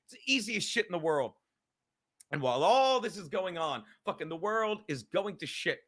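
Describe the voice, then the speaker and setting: A middle-aged man hosting his own show, ranting in a loud, profane, excitable comedic monologue. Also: sits high, normal speed. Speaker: podcast host.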